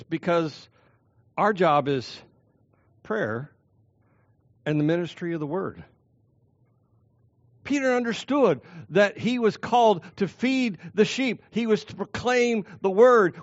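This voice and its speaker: A man preaching an expository sermon as a pastor, earnest and emphatic, slowing down to stress key phrases. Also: sits high, no echo, muffled recording.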